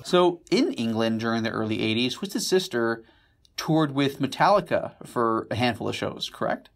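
A man's voice: medium pitch, expressive, moderate pace. A man interviewing a guest, asking short, direct questions.

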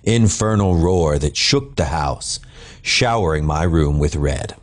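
A man's voice: extremely low pitch, animated, takes it slowly. A man narrating his own comic horror story in a wry, dry manner. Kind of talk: scripted narration.

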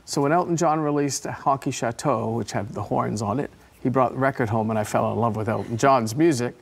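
A man talks as a guest in a television studio, relaxed and friendly. He tells his stories at an easy pace, with mid-range pitch and a conversational manner. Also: fairly quick, creaky, breathy edge. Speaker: tribute performer guest. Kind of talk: live studio interview.

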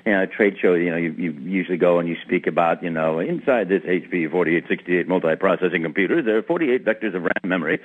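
Lively man telling stories over the phone. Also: low-pitched, fast talker, few pauses, breathy edge. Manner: animated, many repeated words and restarts. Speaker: voice actor guest. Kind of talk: casual interview storytelling. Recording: tinny phone-like radio line.

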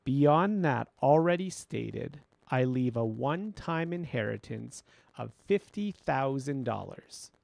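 Formal lawyer reading a will, slow and exact, gravelly tone, voiced by a male narrator. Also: mid-range voice, expressive, darkish tone, no room sound. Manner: slow, measured, deliberate reading.

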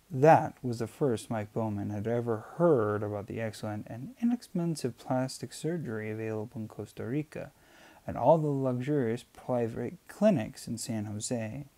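A man reading a novel aloud in a steady voice, with occasional slips and restarts. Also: medium pitch. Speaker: amateur reader. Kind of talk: audiobook reading.

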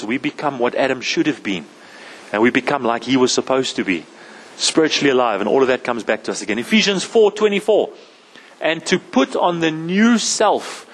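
A man's voice: mid-range voice, breathy edge, low-quality recording. A man with a South African English accent preaching a sermon as pastor, often asking "Amen?" and repeating phrases as he builds a point. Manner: repeats and restarts phrases, calls out "Amen?" to the congregation.

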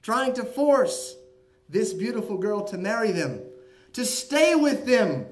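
Male imam, high voice, Friday sermon; storytelling delivery that swells into emphatic stretches. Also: very animated, takes it slowly, faint music behind.

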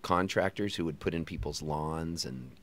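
A man's voice: extremely low pitch, moderate pace. Middle-aged man telling stories animatedly. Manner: animated storyteller who sings and acts out other people's lines. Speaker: interview guest, touring singer-songwriter. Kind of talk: casual storytelling chat.

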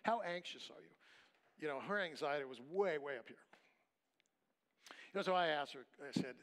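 Middle-aged male pastor, high voice, emphatic conversational preaching with soft storytelling asides, live stage mic. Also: expressive, brisk, pauses often. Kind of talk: sermon. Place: camp meeting hall.

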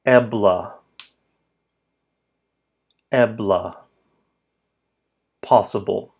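Male language teacher, lowish voice, unhurried, repeats words for drills. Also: gravelly, breathy edge, highs cut off. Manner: slow, deliberate, repeats words for learners. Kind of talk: pronunciation lesson.

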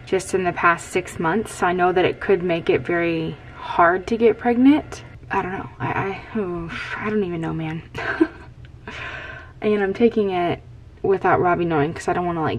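A woman vlogger whispers and rambles in a hushed personal vlog, tucked in a small closet in her bathroom and filming herself with a nearby camera. Her voice is fairly low, and the rough recording has slight background noise.

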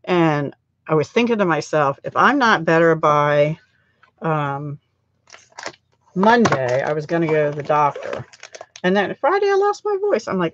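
A woman's voice: low-pitched, sing-song, a little slow, dry recording, dull audio. A middle-aged woman hosting a live crafting stream, chatting in a rambling way as she works, her throat still scratchy from a cold. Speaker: craft channel host.

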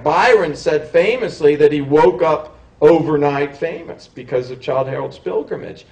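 Man, professor giving a lecture, gravelly raised voice, picked up from a distance, restarts his sentences. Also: on the high side. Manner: discursive, frequent restarts and self-corrections. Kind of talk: public lecture. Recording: roomy hall, mic at a distance.

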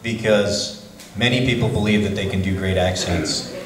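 A man's voice: low voice, fairly even intonation, moderate pace, crowd noise. A man from Brooklyn, a voice actor, answers a fan on a convention panel, chatty and joking, often restarting his words. He sounds a bit distant from the mic. The large convention hall rings around him. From Brooklyn, New York. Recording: roomy hall, far from the mic.

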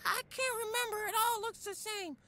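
Stoned cartoon towel, sky-high bright squeak, drifting and dim. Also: male voice, steady tone, normal speed, slight background noise, exaggerated voice. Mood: dazed. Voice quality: dopey, drifting. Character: spaced-out stoner talking towel, forgetful.

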